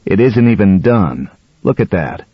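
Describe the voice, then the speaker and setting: A man's voice: on the low side, sing-song, a little slow, husky, no room sound, exaggerated voice. Man doing a blunt, grumbling husband. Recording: dull dry audiobook recording.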